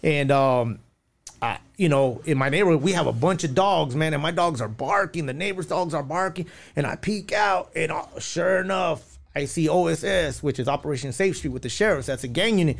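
A man, a podcast guest telling a long personal story. His voice is gravelly and sits a bit high. He rambles with many fillers and acts out the lines of the people in his story. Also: moderate pace.

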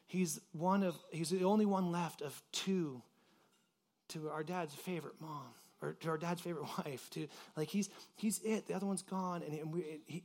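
A man's voice: high-pitched, close to an everyday voice. A man as an earnest pleading brother. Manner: earnest, repeating himself. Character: desperate brother pleading before a ruler.

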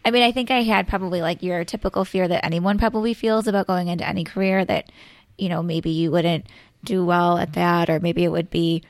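A woman's voice: on the low side, fairly even intonation, brisk, no echo. A woman in her thirties, a teacher guest on a podcast, speaking hesitantly with many ums and you-knows. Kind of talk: casual podcast chat.

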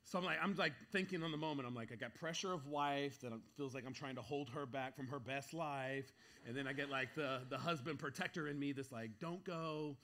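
A man preaching to a congregation, telling a story in an animated way, acting out voices and laughing between lines. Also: mid-range voice, a little fast. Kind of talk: sermon storytelling.

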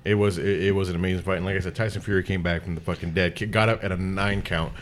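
A man's voice: sits low, fairly even intonation, fast, a little hiss or hum. A man co-hosting a casual podcast chat who rambles and swears for emphasis.

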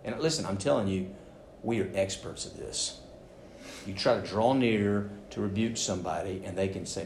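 A pastor preaches a sermon in a church sanctuary, his voice on the low side and his pace normal. He's animated and acts out the voices of the people he quotes. The recording has a roomy church echo and slight background noise.

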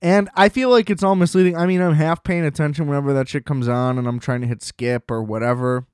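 A man's voice: fairly high pitch, steady tone, quick pace, a little mellow, clear, resonant tone, no echo, clean studio sound. Man ranting casually on a podcast. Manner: ranting, profane, laughing at his own gripes. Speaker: podcast co-host. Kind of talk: casual movie-review podcast chat.

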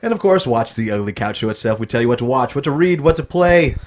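A man's voice: medium pitch, expressive, fast talker, background noise. A man hosting a casual podcast, running through box office news and plugging the show. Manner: upbeat, announcer-like when plugging the show. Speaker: podcast host.

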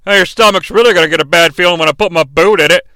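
This is a crude, cocky tough guy, put on by a man who drawls his insults with plenty of swagger. The voice sits high and bright, and the tone is smooth. The recording is dry and close. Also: racing, dry recording. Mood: taunting. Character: gruff brash male wrestler-turned-referee, profane.

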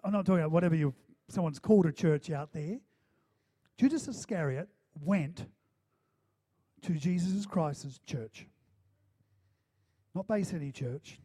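A male pastor delivering a sermon to a congregation in a conversational, animated way, with rhetorical questions. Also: fairly high pitch, unhurried, long pauses, husky. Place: church hall.

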